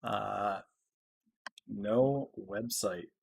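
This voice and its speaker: A man hosting a stock market podcast, talking casually in a loose, filler-heavy way that gets loud when he is excited. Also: fairly low pitch, drawn-out words, creaky, slightly rough.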